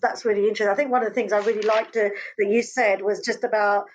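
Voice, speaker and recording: Woman interview host, brisk and reflective, lo-fi recording. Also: mid-range voice, fairly even intonation, a little hiss or hum. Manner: affirming, reflective. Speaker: podcast host. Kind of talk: podcast interview.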